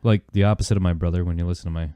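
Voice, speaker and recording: A man hosting a podcast in casual chat, speaking softly and close to the microphone. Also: sits low, fairly even intonation, very fast, no echo. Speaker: podcast host and radio presenter.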